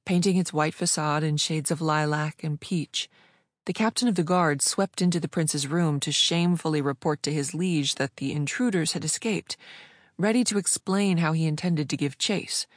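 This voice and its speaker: Low-voiced woman narrating a story. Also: normal speed, no room sound, clean studio sound. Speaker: audiobook narrator. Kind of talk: scripted narration.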